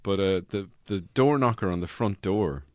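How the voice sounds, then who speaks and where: A man's voice: low-pitched, moderate pace, no room sound, studio quality. A man hosting a casual comedy podcast chat, rambling and laughing often. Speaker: podcast host. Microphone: studio microphone.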